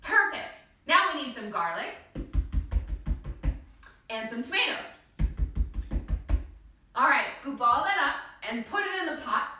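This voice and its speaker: Bright, sing-song woman leading kids yoga. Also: sits high, very animated, unhurried, pauses often, music in the background. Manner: playful, encouraging, sing-song. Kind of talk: guided kids yoga class with pretend play. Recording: echoey room, voice from a distance.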